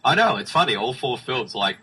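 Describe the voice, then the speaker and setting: A man co-hosting a podcast in casual chat, hesitant and relaxed, with fillers like "uh" and "um.". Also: medium pitch, brisk, slight background noise, poor audio. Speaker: podcast co-host.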